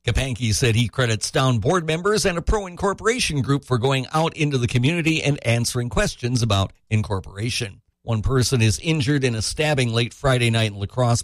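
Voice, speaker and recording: Male radio newsreader, dry studio read, steady mid-pitched voice, brisk scripted delivery. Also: no echo. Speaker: news anchor. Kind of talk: scripted news reading.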